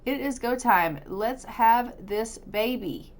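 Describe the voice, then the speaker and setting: Slow and a little high in pitch, a woman hosts a let's-play of a life-sim game. She narrates her in-game actions in a casual, chatty, upbeat way.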